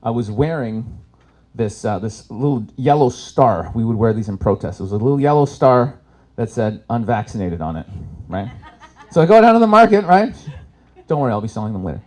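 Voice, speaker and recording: A man's voice: mid-range voice, brisk. A man from Canada doing a stand-up comedy set at a live event, telling stories and acting out the people in them. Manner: animated storytelling, acts out characters with voices. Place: expo stage in front of a live audience.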